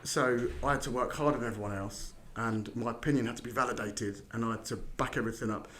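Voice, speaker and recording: London guy on a podcast, talks quick, rambling story, bit of background noise. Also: mid-range voice, steady tone, fairly bright tone. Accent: London with a Midlands tinge. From England. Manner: chatty, storytelling, with restarts. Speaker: podcast guest, recruitment founder. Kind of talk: casual interview chat.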